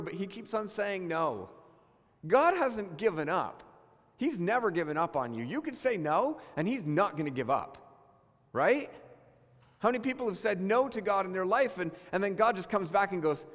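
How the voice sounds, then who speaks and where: Animated male pastor with a high voice, preaching in a church hall with long reverb. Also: normal speed. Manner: animated, acts out voices of God and listeners. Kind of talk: sermon. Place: church sanctuary.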